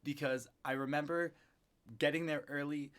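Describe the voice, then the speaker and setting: A man's voice: fairly high pitch, normal speed, clean tone. Chatty young man telling a story. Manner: chatty, animated storyteller acting out quotes. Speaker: independent musician guest. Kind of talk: casual interview storytelling.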